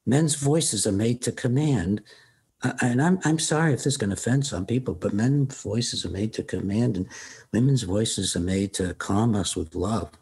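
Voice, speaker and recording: Older psychiatrist guy telling case stories, raspy and breathy, kinda low. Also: moderate pace, darkish tone. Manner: retells cases, quoting patients in his own voice; frank, opinionated. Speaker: psychiatrist guest. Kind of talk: anecdotal storytelling.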